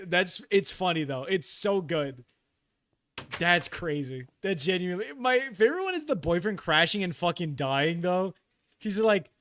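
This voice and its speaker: A man chatting casually on a late-night live stream, excitable, laughing often and reading his chat aloud. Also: high-pitched, no echo.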